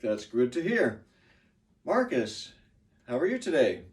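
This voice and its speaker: A man teaching a pronunciation lesson to a class, patient and lively, exaggerating the stressed words. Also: medium pitch, unhurried, distant mic.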